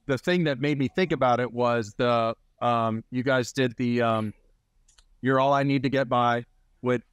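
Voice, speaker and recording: An eager man hosts a sports channel interview, rushing through his stories with a mid-range voice. The sound is dry and close, with no room around it. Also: medium pitch, fairly even intonation, clean tone, no room sound. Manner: eager, quick storytelling, laughs often. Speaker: host. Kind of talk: casual interview chat.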